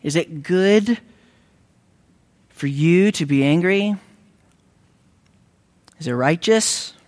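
Earnest male preacher, high-pitched. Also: a little mellow. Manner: earnest preaching with dramatic rises and slow emphatic repetitions. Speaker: pastor. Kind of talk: sermon.

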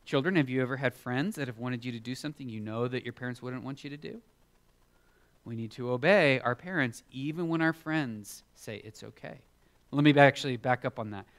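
A man giving a children's sermon, animated and expressive, acting out Bible characters in playful voices. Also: mid-range voice, a little fast. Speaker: children's preacher.

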